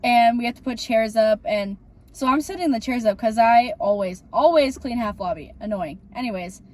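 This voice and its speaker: A woman's voice: on the high side, normal speed. A young woman co-hosting a casual chat, telling a rambling work story. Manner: chatty, rambling with fillers. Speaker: podcast co-host.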